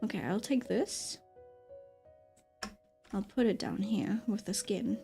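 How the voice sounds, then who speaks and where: Over soft background music, this artist streams as she draws, her medium-pitched voice slow, gravelly, warm, and expressive. The young woman rambles casually, laughing a lot and leaning heavily on fillers.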